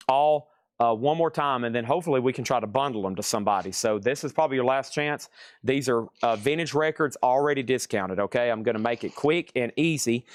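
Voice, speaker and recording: A man hosts a live record sale, reading out album titles and prices in quick, practiced patter. His voice is smooth and clear, recorded close and dry with little room sound. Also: mid-range voice, dry recording. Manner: brisk salesman patter, repeating prices. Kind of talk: live-stream auction selling. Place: record shop.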